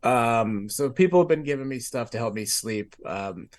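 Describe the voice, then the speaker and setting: A podcast co-host with a mid-range, animated voice speaks at a normal pace, grieving as he casually tells a rambling personal story. He acts out his own past thoughts and uses lots of fillers.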